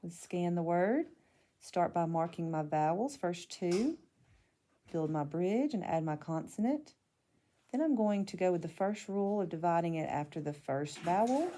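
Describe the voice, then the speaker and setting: A woman teaching a phonics lesson, calmly narrating each step as she marks and divides words. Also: fairly low pitch, normal speed, a little hiss or hum.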